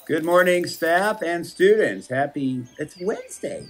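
A man's voice: on the high side, animated, measured pace, slightly rough, soft background music. A man hosting a school morning show, reading out announcements in a playful, jokey manner.

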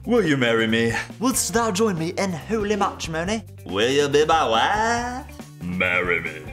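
A woman putting on a low, flustered young suitor. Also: very animated, unhurried, a bit bright, soft background music, exaggerated voice. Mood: earnest. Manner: earnest, flustered pleading. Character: eager, clumsy young man in love. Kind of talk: storybook reading for children.

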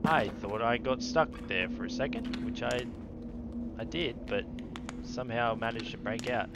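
A man commenting while playing a horror game, swearing a lot, grumbling when frustrated and yelling when something chases him. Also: medium pitch, normal speed, gravelly, very noisy. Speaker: gaming video creator. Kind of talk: let's play commentary.

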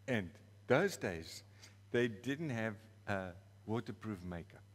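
A man's voice: fairly low pitch, lively intonation, takes it slowly, long reverb tail, noisy background. A man with a South African accent preaching a storytelling sermon in a church, playful and laughing at his own story.

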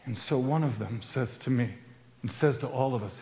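A man's voice: mid-range voice, moderate pace, warm tone, slight background noise. A man giving a sermon at a men's retreat, telling a personal story in an earnest way. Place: retreat camp meeting room. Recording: roomy echo.

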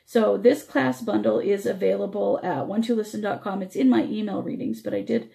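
A woman's voice: mid-range voice, a little fast, creaky, mellow. A woman radio host teaching spiritual energy techniques, explaining step by step while her voice struggles.

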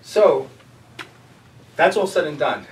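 A man's voice: a little high, animated, slow. Man teaching a group in an echoey room. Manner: conversational, asks the group questions. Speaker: Bible study leader. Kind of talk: casual teaching. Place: church meeting room. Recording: echoey room, distant mic, faint noise.

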